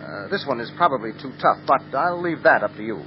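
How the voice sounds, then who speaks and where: Man as a brisk, animated lawyer, old radio play. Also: mid-range voice, close to an everyday voice. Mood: steady. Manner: quick, lively questioning. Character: quick, lively lawyer, calm and in charge. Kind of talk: 1950s radio drama acting. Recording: muffled old radio recording with hiss.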